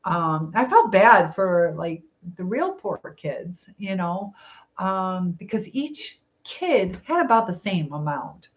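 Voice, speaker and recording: A woman's voice: lowish voice, sing-song, slow, muffled recording. A middle-aged woman hosting a casual live stream, chatting, laughing often and reading viewer comments aloud.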